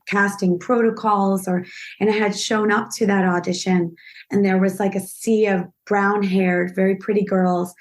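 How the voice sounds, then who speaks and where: Chatty actress telling stories. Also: female voice, mid-range voice. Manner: lively, self-deprecating anecdotes. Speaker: actress guest. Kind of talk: podcast interview storytelling.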